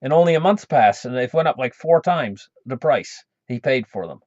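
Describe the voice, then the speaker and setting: A man's voice: medium pitch, lively intonation, moderate pace, darkish tone, no room sound. A man casually telling a folksy, rambling cautionary story for his channel, chuckling often, in a dull lo-fi recording. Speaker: channel host.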